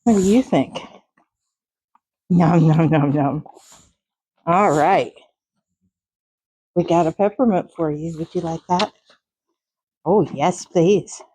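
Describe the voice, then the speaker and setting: A woman's voice: on the low side, slow, pauses often, mellow, slightly rough, rough recording. A woman in a horse stable, cooing affectionately to her horses and making kiss sounds, in a casual vlog. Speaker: horse owner. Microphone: handheld microphone.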